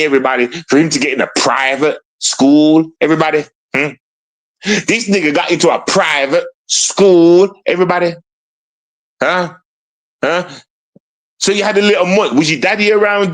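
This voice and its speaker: This low-quality recording captures a man speaking at normal speed in a fairly high register. As host of a live stream show, he mocks and taunts someone, firing off rhetorical questions and calling out to his viewers again and again.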